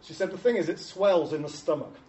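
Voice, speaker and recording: A man's voice: fairly high pitch, fairly quick, crowd noise. An Englishman giving a humorous talk to an audience, telling chatty, self-mocking stories and acting out the voices he quotes. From England. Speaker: speaker showing photos to an audience. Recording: echoey hall, distant mic, faint noise.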